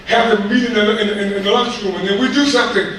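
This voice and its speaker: Speaking quickly in a high, somewhat bright voice, a community speaker makes an impassioned, sermon-like comment to a school board and keeps repeating himself colloquially. The sound is distant and echoey, with faint noise in the hall.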